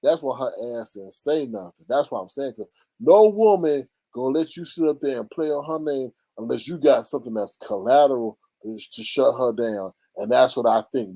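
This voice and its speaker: A man hosting a casual gossip commentary, animated and mocking, often jumping into high squeals. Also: no echo. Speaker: YouTube commentary host.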